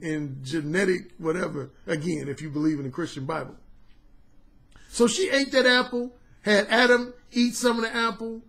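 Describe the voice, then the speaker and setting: A man hosting a podcast, a dating coach delivering an animated, profane storytelling monologue. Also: high-pitched. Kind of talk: casual monologue commentary.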